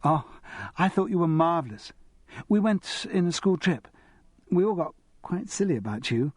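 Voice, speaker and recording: A man's voice: on the high side, big pitch swings, moderate pace, husky, dry recording, pitched above the performer's own voice. A man voicing a giggly, easily impressed upper-class teenage girl with an English public-school accent in an audiobook. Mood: girlish eager. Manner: girlish, bright, enthusiastic. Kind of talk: audiobook character voice.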